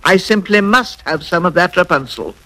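A man voicing a young expectant wife who speaks in a pleading, drawn-out way, in a children's storybook record. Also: high voice, expressive, sharp tone, exaggerated voice, low-quality recording. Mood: longing.

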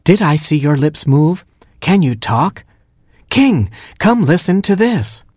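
Fretful baboon queen in a storybook, high and whiny, read by a man, husky and dry. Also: big pitch swings, slow, darkish tone, no echo, full character voice. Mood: excited.

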